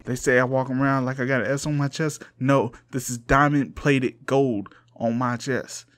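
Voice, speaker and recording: Man doing a boastful dragon, gold-armored show-off, casual slang, mid-pitched. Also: fairly even intonation, moderate pace, fairly bright tone, lightly acted. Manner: boastful, laid-back slang. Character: swaggering rich male dragon in gold armor.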